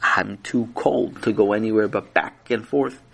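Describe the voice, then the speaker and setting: Brief: man voicing a frozen little boy in a storybook, low, slow and chattering. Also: creaky, husky, heavily acted. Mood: shivering. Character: small boy, shivering and stubborn.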